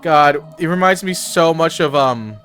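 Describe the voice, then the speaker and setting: A man's voice: a little high, a little slow, a bit bright. A man who is under the weather, giving casual, chatty gameplay commentary and reading game text aloud. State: under the weather, chapped lips. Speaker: let's-play gamer. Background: music.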